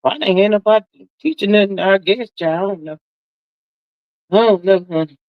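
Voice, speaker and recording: Here's a sixty-something woman running a livestream, gossiping in an easygoing drawl and calling everybody "child" or "honey." She speaks at a moderate pace and swoops high when she wants to stress something. The recording is dry, and the highs are cut off.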